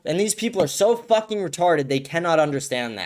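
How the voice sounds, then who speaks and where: Guy with a pretty high voice going off on a solo rant, swearing a lot, tripping over his words. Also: animated, brisk. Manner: heated, profane, repeats words when starting sentences. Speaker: show host. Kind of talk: solo ranting commentary.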